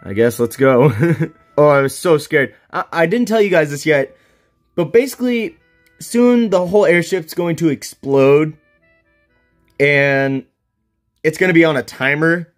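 A man's voice: on the high side, unhurried, long pauses, soft background music. A man chatting casually to viewers while he plays a video game, laughing now and then. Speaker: let's play host.

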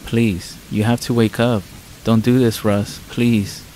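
A narrator speaking as a terrified man begging for help in a horror story. His voice is low and level, with a fearful, pleading edge. Faint rain noise hisses behind him. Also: flat delivery, takes it slowly, warm tone, poor audio. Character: frightened adult man, desperate and guilt-ridden.

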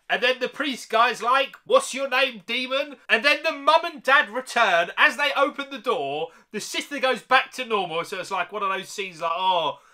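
Very high, bright British man ranting. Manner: animated, slangy, laughing at the film. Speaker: movie reviewer. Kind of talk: casual movie review vlog.

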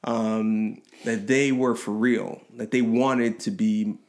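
A man's voice: on the low side, slow pace. A man on a podcast telling his own life story with feeling, laughing often and acting out what people said. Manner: animated, laughing, quotes people in voices. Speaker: podcast guest. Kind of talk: personal storytelling.

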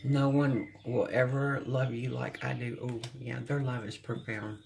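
A tarot reader giving a gentle, channeled reading to viewers, often humming and sighing and sounding close to tears. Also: mid-range voice, little pitch movement, a little slow, vocal fry, slight background noise. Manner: speaks with emotion, close to tears at times.

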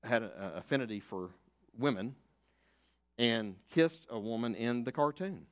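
An older man, preaching a sermon as pastor, emphatic and fiery, rising to loud declarations and dropping to hushed asides. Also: medium pitch, lively intonation, a little slow. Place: church sanctuary.

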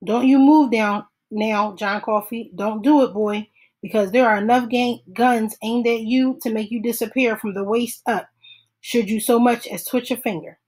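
Wary male deputy, quiet and careful, read by a woman for an audiobook. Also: on the high side, fairly even intonation, moderate pace, lightly acted. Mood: calm questioning. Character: steady male sheriff's deputy, wary but calm.

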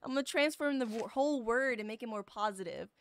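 A woman's voice: fairly high pitch, fast talker. A young woman streaming a game live, chatting playfully with her chat and bursting into squeals.

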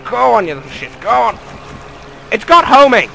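A man's voice: very high-pitched, big pitch swings, moderate pace, creaky, pushed and bright, a little hiss or hum, rough recording. A young man commentating a video game from his bedroom, sarcastic and sweary. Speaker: gamer. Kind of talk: let's play commentary. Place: bedroom at home.

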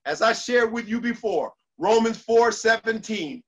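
A man's voice: high-pitched, expressive, unhurried, few pauses, fairly bright tone, dull audio. A man giving a motivational speech to an online audience, preacherly, repeating lines for emphasis and leading call-and-response. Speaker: motivational speaker.

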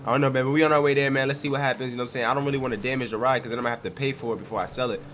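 A man's voice: mid-range voice, steady tone, rapid-fire, a little hiss or hum. A young man with a congested voice from a cold, giving slangy, hyped commentary over his gameplay. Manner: slangy, hyped, loud outbursts. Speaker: gaming streamer.

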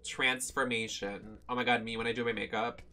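A streamer giving loud, profane, joking running commentary on a live horror game stream, with sudden squeals when startled. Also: medium pitch, fairly even intonation, brisk, very noisy. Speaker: streamer playing horror games.

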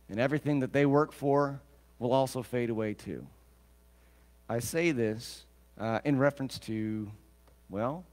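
Brief: male pastor at a mid pitch, preaching casually with humorous asides and questions to the room, long church reverb. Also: a little mellow. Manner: conversational, joking asides, questions the congregation. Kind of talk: sermon.

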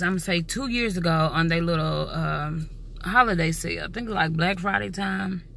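Chatty woman with a gravelly low voice. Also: sharp tone, slight background noise. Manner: chatty, swears casually, addresses viewers as y'all. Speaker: vlogger. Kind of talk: casual vlog chat to camera. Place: at home and in a parked car.

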